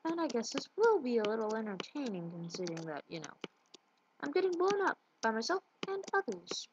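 Woman, higher voice, rambling game commentary, stumbles over words, muffled home recording. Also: sing-song, brisk. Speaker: let's play gamer. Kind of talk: casual gameplay commentary. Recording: muffled lo-fi with loud hiss.

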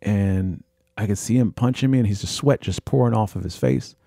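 Man, podcast host, low voice, warm dark tone, halting, repetitive, earnest storytelling. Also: creaky, no room sound, studio quality. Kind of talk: personal storytelling monologue.

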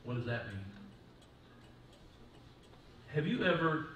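A male pastor giving a sermon in a church, moving from quiet talk to loud preaching. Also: fairly high pitch, big pitch swings, fast, dull audio, slight background noise. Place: church sanctuary. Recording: distant mic in echoey church hall.

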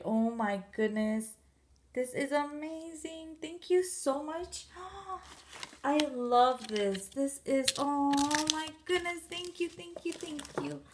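A woman vlogger unboxing a gift package, gushing and gasping with excitement. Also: on the high side, slight background noise.

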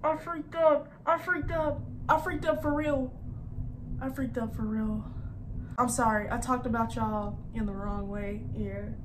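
A woman with a fairly high voice gives jittery horror game commentary, talking to herself and the viewers. She speaks slowly and drawn out. Loud game noise runs behind her. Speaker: gaming creator.

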